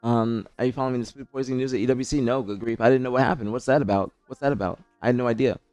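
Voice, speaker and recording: A man's voice: medium pitch, very fast, darkish tone, dry recording. A man streaming live, chatting casually and reading viewer messages, rambling and repeating himself as he answers chat. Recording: dry close mic with faint music behind.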